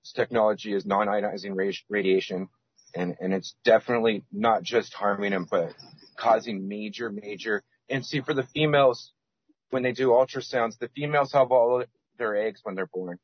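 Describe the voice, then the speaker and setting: A man's voice: on the low side, normal speed, no room sound. A man as a podcast guest, rambling with many restarts and fillers. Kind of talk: casual podcast interview. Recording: dull lo-fi sound.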